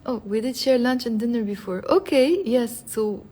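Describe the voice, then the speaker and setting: A woman with a fairly high voice leads a live online language class. She says each phrase slowly and repeats it several times. She keeps asking her viewers to say it aloud along with her. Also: animated, dark tone. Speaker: Arabic teacher.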